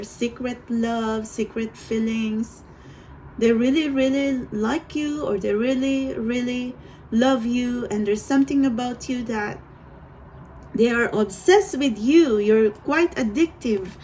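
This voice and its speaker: A woman's voice: a little high, a little mellow, a little hiss or hum, rough recording. A woman doing a tarot reading for viewers, rambling and hesitant, with many restarts. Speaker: tarot reader.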